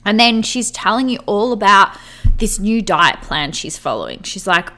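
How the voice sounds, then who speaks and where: A woman's voice: mid-range voice, expressive, moderate pace, pushed and bright. A young woman hosting a casual solo podcast, upbeat and encouraging, talking in a chatty way with lots of "like" as filler. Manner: chatty, heavy use of "like" as filler. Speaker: podcast host.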